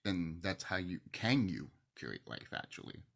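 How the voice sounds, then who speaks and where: Male host, fervent solo rant, husky and lowish, volume swings from outbursts to hushed asides. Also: very animated, unhurried. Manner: passionate, swings between loud outbursts and hushed near-whispers, swears. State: emotional, teary. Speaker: video host. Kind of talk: ranting monologue to camera.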